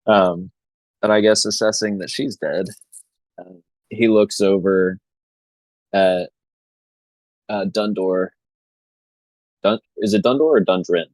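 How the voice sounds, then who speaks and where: A man with a very deep voice describes his character's actions in a tabletop game, pausing on fillers as he thinks. The sound is dry and close, with no room around it. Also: fairly even intonation, darkish tone, no echo, rough recording. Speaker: player. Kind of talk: casual tabletop game play.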